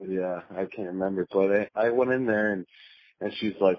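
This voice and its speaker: Give me a low, profane man telling stories. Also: brisk, no echo. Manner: profane, rambling, laughs through stories. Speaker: podcast guest. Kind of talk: casual storytelling chat. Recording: dull lo-fi remote audio.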